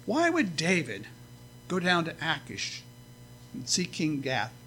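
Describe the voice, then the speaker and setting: A man delivering a sermon in an earnest, conversational way, with a high and bright voice. He reads scripture aloud and lifts his voice to stress key lines. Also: huge pitch swings, slow, slight background noise. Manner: earnest, rising to emphatic scripture readings. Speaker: preacher.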